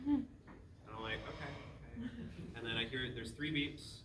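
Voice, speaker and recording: A man speaking on a convention panel as a voice actor, telling stories to an audience in an animated, self-deprecating way and laughing often. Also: medium pitch, moderate pace. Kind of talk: casual storytelling to an audience. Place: large convention hall. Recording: echoey hall, far from the mic, audience noise.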